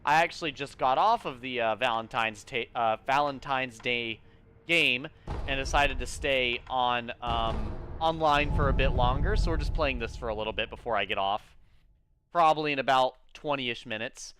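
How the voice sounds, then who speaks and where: A streamer talking in a casual, playful, rambling way while playing a game. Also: male voice, medium pitch, moderate pace, sharp tone, clean tone. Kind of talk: casual live-stream chat.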